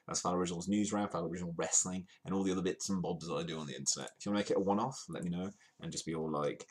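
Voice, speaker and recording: A low-pitched man from the UK hosts a live comedy news stream. He talks in a playful, rambling way and pokes fun at himself as he goes. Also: steady tone, very fast, hardly any pauses, darkish tone, a little hiss or hum. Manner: playful, rambling, self-mocking. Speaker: host of a comedy news show.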